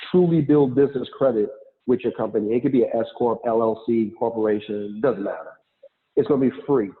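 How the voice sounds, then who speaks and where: New guy hyping up a call, super animated, tinny phone-line sound. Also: mid-range voice. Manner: animated, acts out quotes, laughs. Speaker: guest speaker. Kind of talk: lively motivational talk on an online call. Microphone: online call.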